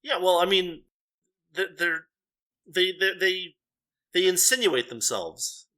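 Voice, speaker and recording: A man's voice: sits high, animated, slow, pushed and bright. A man co-hosting a podcast in casual chat, who stammers over repeated words before landing a dry remark. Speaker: podcast co-host.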